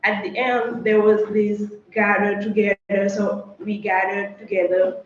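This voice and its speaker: A young woman from Senegal performing a personal story on stage, animated and acting out the voices of the people in it. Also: mid-range voice, a little slow. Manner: lively, acts out quoted voices and sings short snippets. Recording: very echoey, dull lo-fi sound with faint noise.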